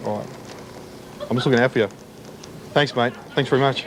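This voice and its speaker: A man's voice: mid-range voice, steady tone, fairly quick, heavy background noise. An Australian man doing a prank comedy bit as a mock-official parking attendant, teasing passers-by in a car park. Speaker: comedy segment presenter posing as parking attendant.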